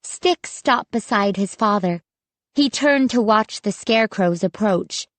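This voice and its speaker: A woman reading a spooky children's audiobook in measured, suspenseful scripted narration. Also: mid-range voice, animated, dry recording.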